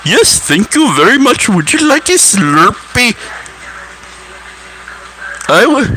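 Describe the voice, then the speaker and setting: Man playing a cheerful doctor, Indian accent, high and bouncy. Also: very animated, takes it slowly, sharp tone, soft background music, heavily acted, low-quality recording.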